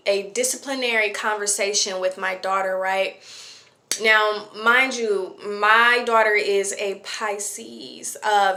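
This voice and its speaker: A woman's voice: on the high side, sharp tone. A woman in her late twenties talking casually to camera about parenting, chatty and reflective, with lots of fillers. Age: 20s. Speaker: vlogger.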